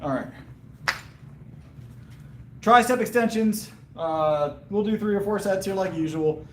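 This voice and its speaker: A man talks loosely to his viewers. He rambles and answers their questions with easy laughs. His voice sits slightly high, over a faint hum of background noise. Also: unhurried, a bit bright, reverberant. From Southern US. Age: 30s. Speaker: powerlifting livestreamer. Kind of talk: casual live-stream chat between sets.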